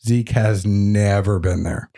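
A man's voice: fairly low pitch, steady tone, slow, mellow. A man with a Southern American accent, a podcast guest telling jokes and stories in casual chat. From Tennessee. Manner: joking, storytelling.

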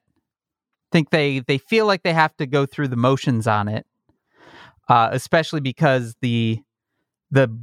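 A man co-hosting a casual comedy chat about politics, mocking and animated, who keeps slipping into silly put-on voices. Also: mid-range voice, dry recording, clean studio sound. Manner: animated, mocking, breaks into silly shouted impressions. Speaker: podcast co-host.

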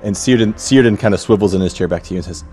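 Man, game master, casual narration, lots of fillers, low voice. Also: very fast, dark tone, faint music behind. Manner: casual, full of likes and ums, laughs often.

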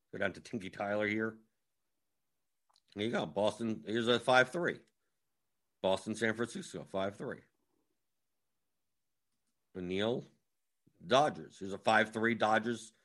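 A male fantasy sports analyst, his voice fairly bright and on the low side, races through a casual strategy breakdown. Scattered and thinking aloud, he scrolls lineups and rattles them off.

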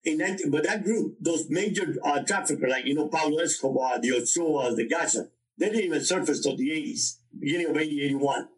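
An older man, in his sixties, guests on a podcast and recounts his past in a lively storytelling manner, slipping into the voices of the people he quotes. His voice sits somewhat high for a man. He is picked up from a little distance off the microphone. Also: a little fast, slight background noise. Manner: animated, acts out dialogue from his story. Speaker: interview guest.

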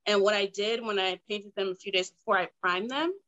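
A young woman telling a story in casual chat, animated and breathless, full of "like" and laughing asides. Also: mid-range voice, fairly quick, dull audio.

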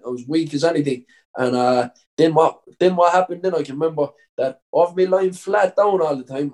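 A man's voice: on the high side, a little mellow, poor audio. A young Irish man, a professional fighter, telling stories in a casual interview, rambling with lots of fillers and swearing.

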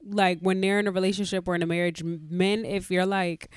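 A woman's voice: on the low side, flat delivery, fairly quick, clear, resonant tone, no echo, clean studio sound. A woman co-hosting a podcast in casual chat, easygoing, laughing off teasing and pushing back mildly. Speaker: podcast co-host.

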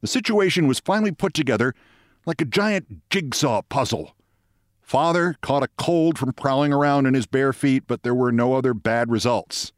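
A man hosting a podcast, reading a short story aloud in a lively storytelling manner. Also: normal speed, no echo, clean studio sound. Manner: lively storytelling, jumps high for quoted shouts. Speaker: podcast host.

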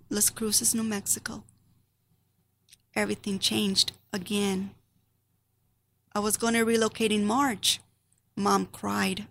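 This is a middle-aged woman telling a personal testimony, her voice carrying a rough, creaky edge. She speaks slowly and deliberately, earnest and steeped in grief as she reflects on her family. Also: medium pitch, a little hiss or hum.

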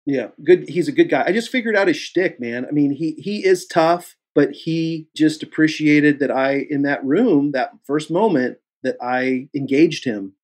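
A man from Kansas City, an actor guest on an interview show, telling animated stories and acting out the dialogue with big swings in his voice. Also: on the high side, a little slow, few pauses. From Kansas City, USA. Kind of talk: casual interview storytelling.

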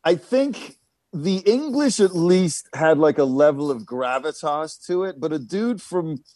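A man co-hosting a casual chat, talking in a rambling, profane, animated way. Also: on the high side, a little slow, no room sound.

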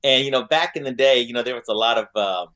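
A man's voice: mid-range voice, quick pace, pushed and bright. A man with an Oklahoma accent telling stories in a casual interview, rambling with lots of fillers and acting out what people said. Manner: rambling, many fillers, acts out quotes. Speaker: guest singer.

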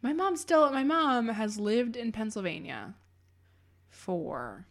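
Woman, podcast co-host, higher voice, lively, playful. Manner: playful, quick to joke.

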